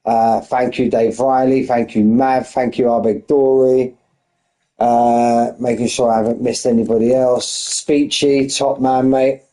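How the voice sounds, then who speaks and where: Breathless excitable race commentator man. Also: mid-range voice, poor audio. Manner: excitable, breathless, rapid shout-outs. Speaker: sim racing league commentator. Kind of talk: live esports race commentary.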